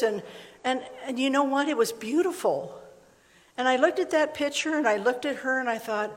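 A woman's voice: sits high, moderate pace. A middle-aged woman giving a conversational sermon to a women's gathering, telling stories with frequent laughs and acted-out dialogue. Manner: chatty storytelling, laughs often, acts out dialogue. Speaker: speaker at a women's church gathering. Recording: long reverb of a hall.

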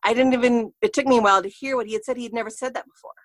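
A woman's voice: a little high, fairly even intonation, very fast, no room sound. Chatty middle-aged woman telling stories. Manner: chatty, quotes herself, many fillers. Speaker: guest. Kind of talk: casual personal storytelling.

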